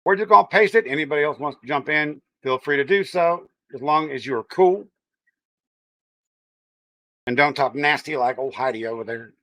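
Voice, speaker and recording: A man's voice: on the high side, moderate pace, pushed and bright, no echo. A man with a Texan-tinged accent hosting a casual livestream, chatting and teasing his viewers as he reads the chat. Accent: Texan-tinged American. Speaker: livestream host.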